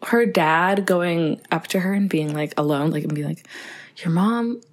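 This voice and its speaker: A woman's voice: sits low, steady tone, normal speed. A young woman in casual chat, talking with many fillers and acting out quotes from a film. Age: young adult. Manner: chatty, lots of fillers, acts out quotes.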